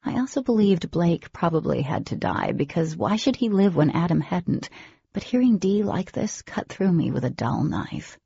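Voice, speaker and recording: Brief: low-voiced woman audiobook narrator, steady, dull lo-fi sound. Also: normal speed, creaky, slightly rough. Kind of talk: first-person novel narration. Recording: dull lo-fi recording, dry.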